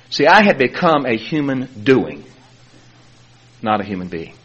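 A man's voice: medium pitch, moderate pace, husky, dull audio. A man giving a personal recovery testimony as a meeting speaker, telling his story with chuckles along the way. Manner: animated storytelling, chuckling as he talks.

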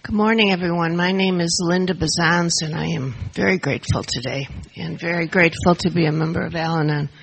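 A woman's voice: lowish voice, steady tone, brisk, vocal fry, few pauses, a little hiss or hum, low-quality recording. An older woman sharing her story at a recovery meeting, emotional and a little nervous, speaking into a shared mic. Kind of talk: personal testimony to a group. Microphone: shared handheld mic.

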